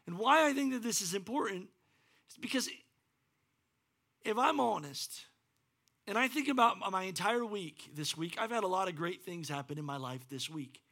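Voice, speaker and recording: A man preaching a sermon as pastor, animated and acting out the scripture quotes in varied voices. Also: sits high, normal speed, long pauses. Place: church.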